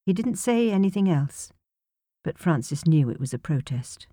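Female audiobook narrator, lowish mellow voice, measured delivery, dry studio sound. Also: lively intonation, dry recording. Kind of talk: scripted narration.

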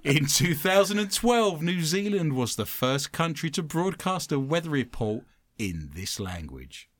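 Hosting a comedy podcast quiz, a man jokes and laughs at his own puns. His fairly high, fairly bright voice swings widely in pitch at a measured pace, with dry, clean studio sound.

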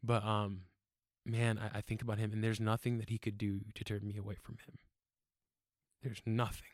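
A young man giving a casual church testimony about his wife and sons, earnest and halting, with many fillers and restarts. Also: on the low side, flat delivery, no room sound, studio quality. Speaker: church member sharing testimony.

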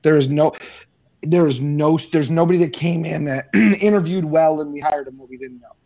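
Middle-aged guy, energetic storyteller, lots of uhs and restarts, dry close sound. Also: fairly high pitch, moderate pace, no echo. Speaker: guest, business owner. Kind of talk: casual interview talk.

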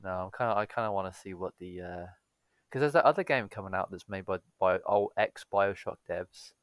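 A man's voice: deep voice, fairly quick, clean tone, no echo. A man co-hosting a gaming podcast in casual chat, laid-back and rambling, often correcting himself mid-sentence. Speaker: podcast co-host.

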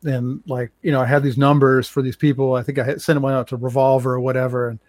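A man's voice: medium pitch, quick pace, no room sound. A man who runs a record label, telling stories in a rambling casual chat with many fillers. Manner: rambling, animated, acts out quotes with many fillers.

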